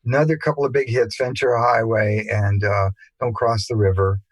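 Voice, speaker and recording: An older man, a musician guest, telling rambling anecdotes in a relaxed interview, with many fillers and restarts. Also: medium pitch, fairly quick, no echo, rough recording. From England.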